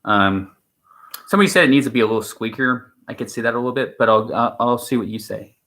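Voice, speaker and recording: A man's voice: medium pitch, fast, fairly bright tone. A man co-hosting a stream in casual chat, rambling and opinionated, with many restarts. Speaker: stream co-host.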